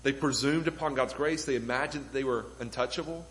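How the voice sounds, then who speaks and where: Here a pastor speaks to the congregation gathered in a church room, stacking rhetorical questions to heighten emphasis. His medium-pitched voice is fairly quick with a fairly bright tone, though the recording is rough.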